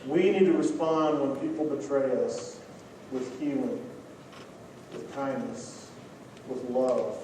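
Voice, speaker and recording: A man with a Texan accent preaching a sermon as pastor, telling stories in a conversational way and dropping to quiet emphasis. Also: mid-range voice, fairly even intonation, takes it slowly, pauses often. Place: church sanctuary. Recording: echoey church from far off, faint noise.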